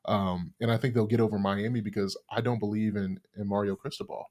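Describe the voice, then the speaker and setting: A man's voice: lowish voice, fairly even intonation, brisk, darkish tone. A man co-hosting a casual sports podcast, emphatic and playful with his opinions. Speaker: podcast co-host.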